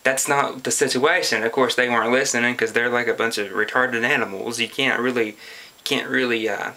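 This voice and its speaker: A man's voice: mid-range voice, flat delivery, a little fast, pushed and bright. A young man, telling a story in a sarcastic, profane vlog rant. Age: young adult. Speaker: vlogger.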